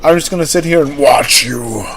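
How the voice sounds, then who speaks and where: A man's voice: a little high, moderate pace, fairly bright tone, soft background music, close to an everyday voice. A man voicing a haughty demanding outdoor cat. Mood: imperious.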